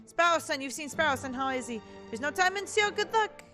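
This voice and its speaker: A tiny male mouse messenger in a game, squeaking high and fast with breathless urgency, as a woman puts him on. The voice jumps around, lively and bright. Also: faint music behind. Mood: urgent.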